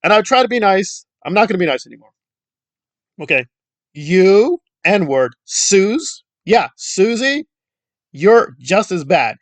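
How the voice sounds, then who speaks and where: A man rants to camera in a scornful, insulting tone and hammers the same points again and again. His pitch swings widely as he mocks and scolds. The sound is dry and close, with no room around it. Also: very animated, slow pace, dry recording. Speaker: YouTube commentator. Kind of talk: angry commentary rant.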